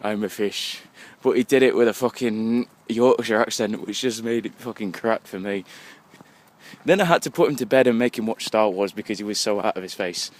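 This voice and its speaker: This slightly fast, low-voiced English vlogger is a bit drunk and walking home at night, holding his phone as he delivers a loose, rambling monologue full of constant swearing. Passing cars are faintly audible on the street around him.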